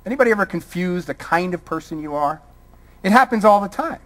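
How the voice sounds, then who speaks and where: A man's voice: high-pitched, expressive, quick pace. A man from Brooklyn giving a college lecture, firing a string of rhetorical questions at the audience. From Brooklyn, New York. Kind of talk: public lecture.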